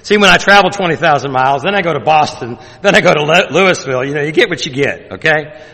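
A man preaching a sermon, animated and joking, with mocking asides in put-on voices. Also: fairly high pitch, fast. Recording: reverberant hall.

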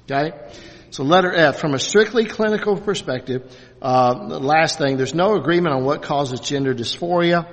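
Halting older man teaching in a hall. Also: a little high. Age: 60s. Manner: halting, many restarts and fillers. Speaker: Bible class teacher. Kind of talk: church class lecture with questions. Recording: reverberant hall.

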